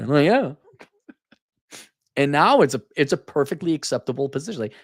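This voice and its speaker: Reading off viewer donations during a livestream, a middle-aged man answers each one with crude, sarcastic bluntness and often slips into mocking impressions. His voice is fairly high, sing-song, and fairly quick. A studio mic in a home room lined with soundproofing panels yields a dry, studio-quality recording.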